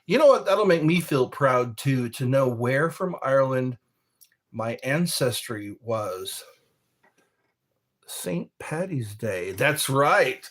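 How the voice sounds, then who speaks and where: A man from the United States, a bit tipsy from wine, casually chatting on a live stream and reading viewer comments aloud in a slow, rambling way. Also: medium pitch, animated. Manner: slow, rambling, reads chat messages aloud.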